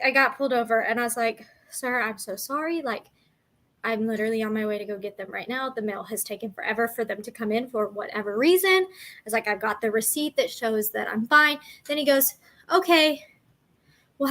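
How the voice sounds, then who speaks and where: A woman's voice: fairly high pitch, a little fast, pushed and bright. A young woman telling a personal story to her vlog audience, rambling and self-deprecating. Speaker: vlogger. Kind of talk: casual storytelling to camera.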